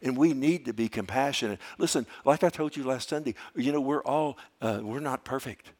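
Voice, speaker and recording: A man's voice: medium pitch, brisk. A middle-aged man delivers a sermon in an ordinary mid-range voice. He presses points by repeating them and restarts his phrases, then falls to a near-whisper when he tells a story. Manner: impassioned preaching that swings from loud urgency to hushed storytelling. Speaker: pastor.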